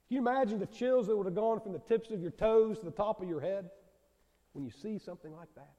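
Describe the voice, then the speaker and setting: A man's voice: high voice, fast talker, warm tone, highs cut off. A man preaching a sermon to a congregation, earnest and asking them direct questions. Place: church sanctuary. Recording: long hall reverb.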